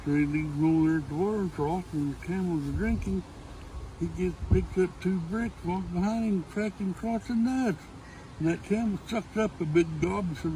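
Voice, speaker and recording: Old guy rambling thru dirty jokes, bit high voice, lots of background noise. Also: normal speed, mellow, rough recording. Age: older. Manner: folksy, rambling storytelling. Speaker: joke teller.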